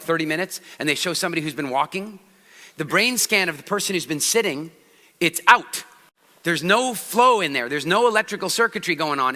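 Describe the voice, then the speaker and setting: A man giving a motivational talk on a conference stage, lively and asking the audience questions. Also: a little high. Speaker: conference speaker. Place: large hall on stage. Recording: long hall reverb.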